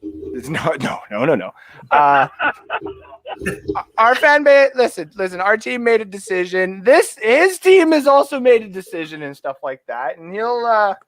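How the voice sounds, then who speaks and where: Casting note: high-pitched Canadian man as a live-show host, teasing and self-mocking, close and dry. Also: very animated, unhurried, fairly bright tone, dry recording. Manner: joking, self-deprecating, rambling with restarts. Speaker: podcast host. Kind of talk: casual live-stream chat.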